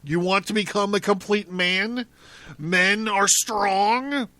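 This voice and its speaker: A man's voice: steady tone, pushed and bright, heavily acted. A man voicing Satan as a scornful, taunting male figure in a storybook reading. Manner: shrill, scornful, drawn-out.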